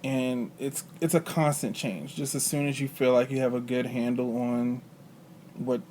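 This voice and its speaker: Guy talking slow and careful bout parenting, lots of ums, average pitch. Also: fairly even intonation, darkish tone, slight background noise. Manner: measured, thoughtful, many pauses and ums. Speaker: guest, husband and father. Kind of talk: casual chat.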